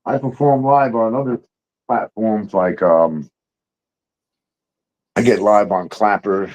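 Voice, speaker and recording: A man's voice: on the low side, steady tone, slow pace, a little mellow, dull audio. A man hosting a casual talk show, ranting heatedly and swearing a lot. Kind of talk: casual profane chat.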